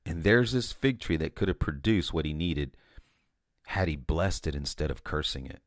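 Telling of a vision in an informal sermon, a man speaks in an extremely low voice with lively intonation at a moderate pace, in clean studio sound with no echo. He's conversational, often restarting and repeating words, with "you know" cropping up frequently.

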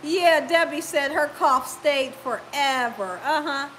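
A chatty woman hosts a live stream from home, her voice high and ringing bright. She laughs easily between viewer comments and keeps clearing a stubborn cough, with a faint hiss behind her. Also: lively intonation, poor audio. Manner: chatty, warm-hearted, quick to laugh. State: lingering cough. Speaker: cooking channel host.

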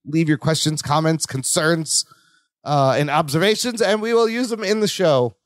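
A man co-hosting a podcast in casual chat, chiming in with quick agreeing remarks and talking straight to the listeners. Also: fairly high pitch, no echo, clean studio sound. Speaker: podcast co-host. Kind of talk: casual chat recapping a sitcom episode.

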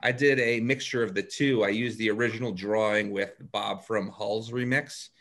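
An easygoing man co-hosting a casual comedy podcast, pausing often with fillers. His voice is bright. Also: lowish voice, steady tone. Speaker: podcast co-host.

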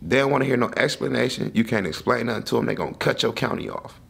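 A man hosting a podcast in casual chat, blunt and quick to laugh as he reacts to his guest. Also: medium pitch, vocal fry, a bit bright, husky. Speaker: podcast host.

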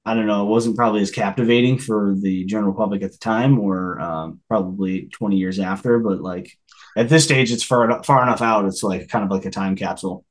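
A man's voice: lowish voice, a little fast. A man co-hosting a podcast in casual chat, rambling with many restarts. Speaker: podcast co-host.

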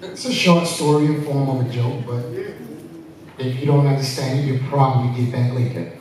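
A man's voice: mid-range voice, moderate pace, crowd noise. A male pastor preaching a sermon, leading the congregation in call-and-response and telling a story. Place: church sanctuary. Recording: echoey church from far off.

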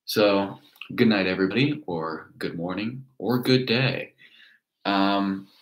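A man hosting a casual livestream, answering viewer questions in a relaxed, rambling way. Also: low voice, slight background noise, poor audio. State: hiccups. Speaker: livestream host.

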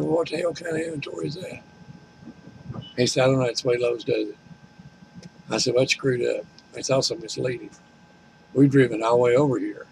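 A man's voice: mid-range voice, vocal fry, slight background noise, rough recording. An older man, telling a rambling, complaining story at home and retelling conversations in a folksy way. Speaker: vlogger.

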